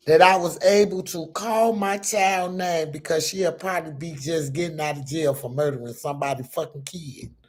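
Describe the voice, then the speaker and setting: Woman, middle-aged, unhurried drawn-out speech, emphatic, profane, casual storytelling to viewers. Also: deep voice, a little mellow. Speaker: mother telling her story.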